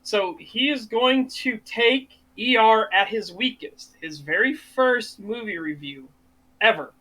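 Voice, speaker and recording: A man co-hosting a casual podcast chat, talking bluntly and profanely with animated storytelling. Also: high voice, takes it slowly. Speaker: podcast co-host.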